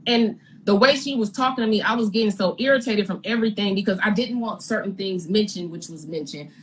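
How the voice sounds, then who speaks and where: A young adult woman candidly recounting a conflict in an interview, animated and blunt, acting out what she and others said. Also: medium pitch, a little fast, a little hiss or hum, rough recording. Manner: animated, re-enacts her own and others' words, blunt slang. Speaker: reality TV personality giving her side.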